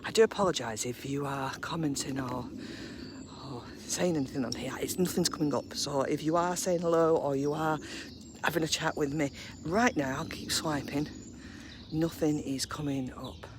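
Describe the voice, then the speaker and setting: A woman chatting casually on a live stream while walking her dogs in a park, cooing at them in a high baby voice. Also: normal speed, background noise. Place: woodland park outdoors, early morning.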